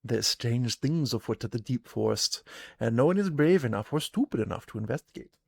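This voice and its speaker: A man voicing a gruff human woman trapper who talks in old-fashioned phrases with an accent that is hard to place, as part of a solo tabletop game. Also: mid-range voice, lively intonation, a little fast, a little mellow, no room sound.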